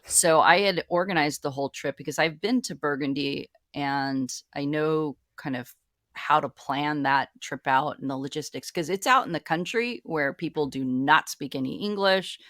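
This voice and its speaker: Woman, low voice, casual storyteller, laughs a lot. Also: moderate pace, fairly bright tone, no room sound, clean studio sound. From California. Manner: chatty storyteller, laughs often. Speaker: show regular. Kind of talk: casual chat.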